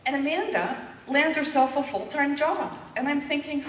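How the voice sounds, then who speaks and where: Woman in her 50s giving a candid, heartfelt talk; higher voice, roomy hall, distant mic. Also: animated, unhurried, a bit bright, slight background noise. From Canada. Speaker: public speaker. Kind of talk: personal talk to an audience.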